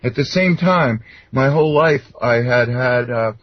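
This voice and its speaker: A man's voice: medium pitch, unhurried, dry recording. A man telling personal anecdotes in a casual, rambling way, with many fillers and restarts. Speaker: guest. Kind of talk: casual storytelling interview. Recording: dull lo-fi sound.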